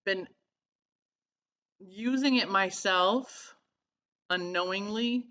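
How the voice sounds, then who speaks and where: Bright-voiced woman vlogging earnestly. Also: lowish voice. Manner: earnest, halting, searching for words. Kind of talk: casual spiritual vlog. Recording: slightly dull lo-fi sound.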